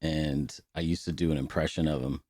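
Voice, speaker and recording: A man's voice: very deep voice, fairly even intonation, brisk, mellow, husky, no echo, clean studio sound. A middle-aged man co-hosting a podcast, telling loose, profane stories with plenty of laughter. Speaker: podcast co-host. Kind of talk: casual podcast chat.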